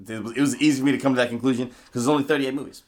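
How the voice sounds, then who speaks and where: A man co-hosting a casual movie podcast, throwing in jokes, swearing and quick asides. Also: medium pitch, fairly even intonation. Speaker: podcast co-host. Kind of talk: casual film review chat.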